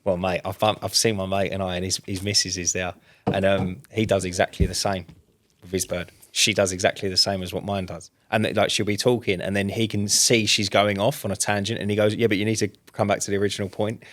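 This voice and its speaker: A man, a podcast co-host telling stories in casual chat, animated and full of slang. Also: deep voice. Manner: fast, animated storyteller with slang.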